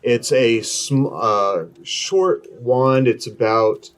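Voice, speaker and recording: A man's voice: medium pitch, extremely slow. A man voicing an elderly male lizard-folk enchanter who speaks formally and courteously.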